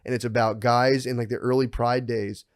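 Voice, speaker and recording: A young man co-hosting a podcast, telling profane, animated stories in casual chat and bursting into laughter. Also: medium pitch, normal speed, clean tone. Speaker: podcast co-host.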